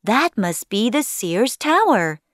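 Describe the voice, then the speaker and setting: A woman voicing a young, adventurous boy who is a hair on a man's head, talking in eager, excited bursts. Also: on the high side, takes it slowly, no echo, clean studio sound.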